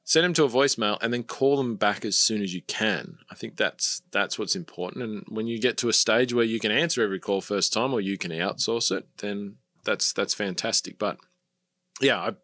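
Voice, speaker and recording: Man, lowish voice, bright and forward, dry close mic, chatty podcast co-host. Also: moderate pace, no room sound. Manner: chatty, with many fillers. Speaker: podcast co-host and dropshipping coach. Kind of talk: casual podcast conversation.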